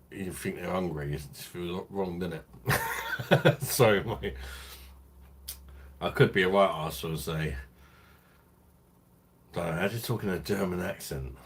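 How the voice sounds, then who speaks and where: A man's voice: low voice, breathy edge. A man hosting a beer review live stream, chatting casually in a crude, rambling way and laughing often.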